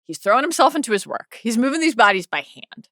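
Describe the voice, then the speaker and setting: A woman co-hosting a TV recap podcast in casual chat, animated, with quick asides and restarts. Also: a little high, no echo, clean studio sound. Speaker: podcast co-host.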